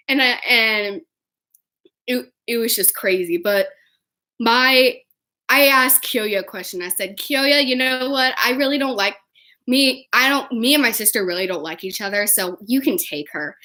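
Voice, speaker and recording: A young woman casually telling a funny story, giggling and acting out what people said. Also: on the high side. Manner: animated, giggly, acts out quotes. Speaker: vlogger.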